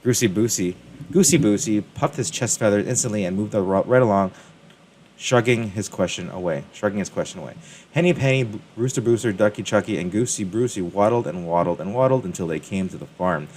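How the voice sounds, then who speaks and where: A man's voice: fairly low pitch, brisk, darkish tone, a little hiss or hum. A man hosting a crypto mining video, casually chatting and reading a children's story aloud with ums and self-corrections.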